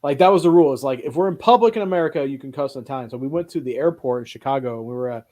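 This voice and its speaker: A man hosting a casual film podcast, talking in an animated way with quick asides and a lot of swearing. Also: mid-range voice. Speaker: podcast host.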